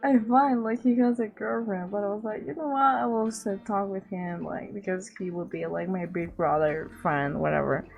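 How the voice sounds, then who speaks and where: A woman's voice: mid-range voice, moderate pace, creaky, hardly any pauses, narrow, tinny audio, music in the background. A young woman with a Latin American accent, telling a rambling storytime in casual chat, repeating herself and acting out the people she quotes. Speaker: vlogger.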